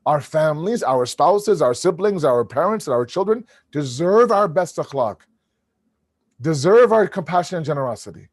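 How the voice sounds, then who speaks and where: A middle-aged man giving a sermon-style religious lecture, talking in a lively way with quick restarts and acting out small everyday scenes. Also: a little high, no room sound, clean studio sound. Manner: lively, acts out little scenes in different voices; quick restarts and repeated words.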